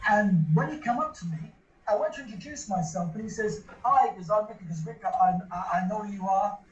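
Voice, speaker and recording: A man's voice: high voice, a little fast. A man, interviewed in an echoey room, tells a long story in a loose, rambling way, restarting and repeating his words often. The sound is dull and a little lo-fi. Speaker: interview guest. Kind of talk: casual anecdote telling.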